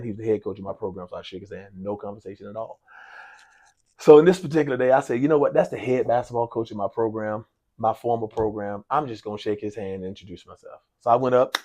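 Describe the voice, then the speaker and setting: A man, a basketball coach telling a long personal story in an interview, repeating himself and acting out the dialogue. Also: mid-range voice. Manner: animated storyteller, acts out dialogue, frequent repetitions and "y'all". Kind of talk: storytelling in a sports talk interview.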